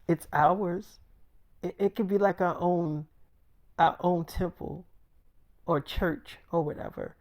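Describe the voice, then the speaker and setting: A man's voice: high voice, fairly even intonation, takes it slowly, vocal fry, long pauses, a little mellow, exaggerated voice. A man voicing his eager, chatty young wife in a casual, rambling way.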